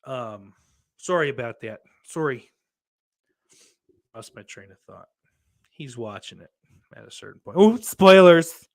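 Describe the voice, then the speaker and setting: A man with a fairly low, creaky, yet fairly bright voice hosts his podcast, reading viewer comments a little slowly and animatedly, pausing often. His casual talk rambles, is packed with swearing, and mocks himself.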